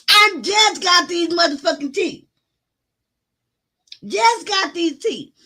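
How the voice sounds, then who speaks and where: A middle-aged woman vlogger, telling a story to her viewers in a loud, profane, animated way with sudden shouts. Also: high-pitched.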